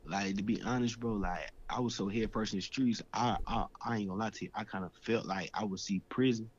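A man's voice: lowish voice, steady tone, brisk, slightly rough. A young man in his twenties, a guest in an interview, telling his story in slangy, streetwise casual talk. The recording sounds dull and lo-fi.

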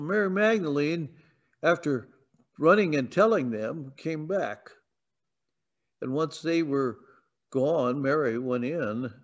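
A man preaching in a church, with a slow, unhurried delivery and a fairly high voice. He tells the story patiently, then lifts into emphatic declarations. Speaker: pastor. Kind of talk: sermon. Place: church sanctuary.

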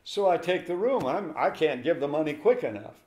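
A man's voice: on the high side, fairly quick. An older man, a pastor, telling a story in an interview and acting out the voices of the people in it. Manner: animated storyteller acting out dialogue. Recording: echoey room.

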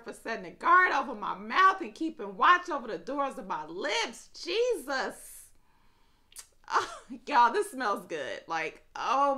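A woman vlogging a casual fragrance review late at night, gushing with drawn-out exclamations and chatting to viewers as y'all. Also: fairly high pitch, bright, forceful tone.

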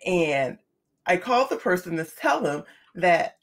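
Woman on a podcast, earnest and expressive, kinda low voice, just telling her story. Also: unhurried. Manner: expressive, earnest, talks through her feelings openly. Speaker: podcast guest. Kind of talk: conversational storytelling.

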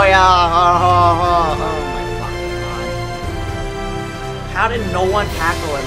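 A man giving profane let's-play commentary, reacting loudly to gameplay. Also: high-pitched, slow pace. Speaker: gaming YouTuber. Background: music playing.

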